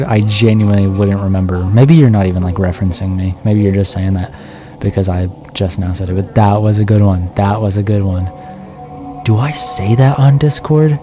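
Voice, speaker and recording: A man's voice: on the low side, warm tone. A tired man streaming a horror game, rambling and self-mocking as he talks to his chat while keeping his voice down late at night. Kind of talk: casual live-stream commentary.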